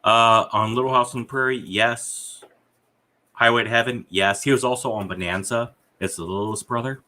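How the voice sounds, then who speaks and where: A man's voice: mid-range voice, steady tone, normal speed, sharp tone. A man hosting a casual podcast, rambling and swearing freely as he trades trivia with his co-host. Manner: rambling, profane, reads out chat messages.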